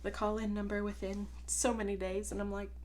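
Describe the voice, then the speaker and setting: A woman's voice: medium pitch, little pitch movement, brisk, darkish tone, a little hiss or hum. A woman vlogger in casual confessional chat, rambling and frank, swearing freely as she works through her thoughts. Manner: many fillers and restarts, talks herself through thoughts.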